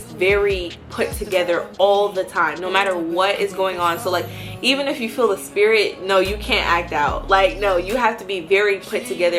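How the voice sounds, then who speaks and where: A young woman tells her story in casual, lively talk to her viewers. She acts out what people said as she goes, at a mid pitch for a woman. Music plays clearly behind her voice. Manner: animated storytelling, acting out quotes. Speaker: video host. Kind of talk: casual testimony.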